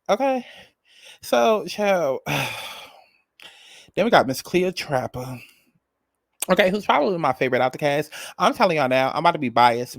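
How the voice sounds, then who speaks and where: A man's voice: on the high side, no echo. A man giving a casual, sassy and profane recap of a reality show, repeating phrases for emphasis.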